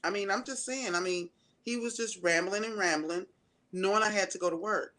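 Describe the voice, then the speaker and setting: A woman talking as a radio show guest, telling personal stories in a relaxed, candid way. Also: medium pitch, brisk. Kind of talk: casual chat.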